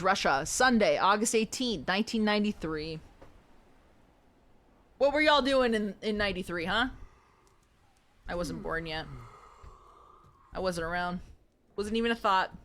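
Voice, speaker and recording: A woman's voice: medium pitch, a bit bright. A woman in her twenties streaming a game live, chatting playfully and joking with viewers. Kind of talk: live gameplay commentary.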